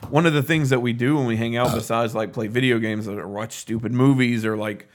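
A young man on a group podcast who rambles through his stories. He restarts his sentences a lot and laughs easily. His talk is loose and casual, mid-pitched. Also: fairly even intonation, fairly quick. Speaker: podcast co-host.

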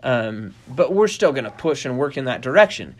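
Animated middle-aged man explaining dog training. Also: normal speed. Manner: animated storyteller, acts out quoted voices in a high pitch; rambling with frequent restarts and fillers. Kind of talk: casual instructional talk.

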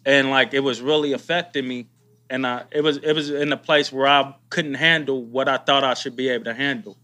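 Podcast co-host, male, AAVE speaker, bright and earnest delivery. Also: mid-range voice, steady tone, a little fast. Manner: earnest, opens up. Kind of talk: casual chat.

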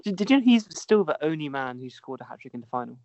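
A man co-hosting a casual chat who talks quickly, stammers into restarts and trails off softly. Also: fairly high pitch, big pitch swings, no room sound. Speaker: podcast co-host. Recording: slightly dull lo-fi sound.

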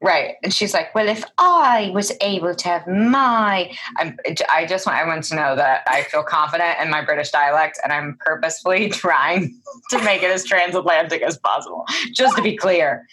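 A young woman co-hosting a casual chat, animated and full of fillers, swearing now and then. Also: sits low, brisk, slight background noise. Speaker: podcast co-host.

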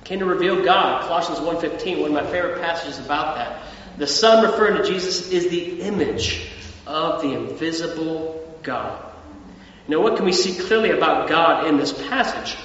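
A man's voice: fairly high pitch, animated, moderate pace, fairly bright tone, a little hiss or hum. A man preaching a conversational sermon as pastor, repeating words and using many fillers. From Australia. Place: church. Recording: echoey hall from far off, dull sound.

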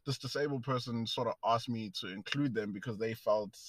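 A young South African man co-hosting a podcast, chatting quickly, acting out quotes and laughing. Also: medium pitch, no echo, poor audio. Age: young adult. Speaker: podcast co-host. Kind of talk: casual chat.

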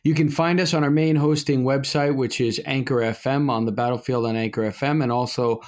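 Rambling middle-aged priest co-hosting a podcast. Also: male voice, medium pitch, fairly even intonation, brisk, darkish tone. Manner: rambling, frequent fillers and restarts. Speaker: podcast co-host, Orthodox priest. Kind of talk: casual conversational podcast talk.

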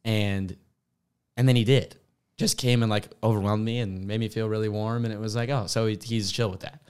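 A man's voice: on the low side, steady tone, brisk, a little mellow, clear, resonant tone. A young man co-hosting a faith podcast, talking openly and earnestly in casual slang. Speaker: podcast co-host. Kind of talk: candid faith podcast chat.

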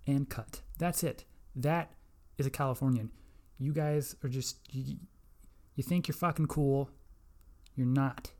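Young man, podcast host, mellow voice, rambling, swears a lot, self-mocking. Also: medium pitch, normal speed. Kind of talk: casual solo podcast rant.

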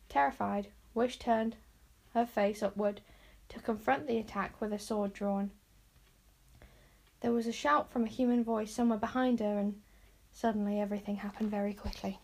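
A woman narrating a children's storybook aloud in an expressive, clearly paced reading voice. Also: mid-range voice. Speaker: audiobook reader.

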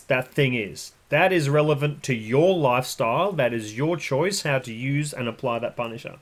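A man hosting a podcast, explaining dog training in a blunt, emphatic way. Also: fairly high pitch. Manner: blunt, emphatic, acts out voices. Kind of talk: casual explanatory podcast talk.

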